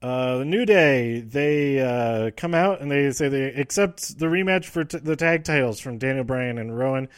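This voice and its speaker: A man hosting a casual, rambling recap show from a quiet home room, full of fillers and restarts. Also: mid-range voice, clear, resonant tone, no room sound, studio quality. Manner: rambling, frequent fillers and restarts, quotes wrestlers in quick asides. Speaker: podcast host recapping wrestling.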